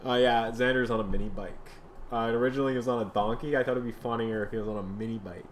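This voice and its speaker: A man's voice: medium pitch, fairly even intonation, rapid-fire, a little hiss or hum. A man reading his own comic script aloud with joking, profane asides, breaking into laughter and acting out the voices himself.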